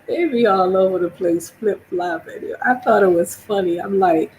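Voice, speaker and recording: A woman's voice: mid-range voice, moderate pace, darkish tone, a little hiss or hum, low-quality recording. A woman from New Orleans with a New Orleans accent, streaming a casual monologue, chatty and laughing often as she acts out her own reactions.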